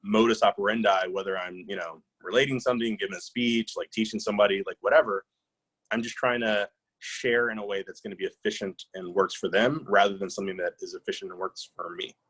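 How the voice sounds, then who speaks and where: A man's voice: fairly low pitch, fairly even intonation, quick pace, a bit bright, husky, rough recording. A man in his thirties or forties, answering interview questions in a reflective, anecdotal way with many fillers and restarts. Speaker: author being interviewed.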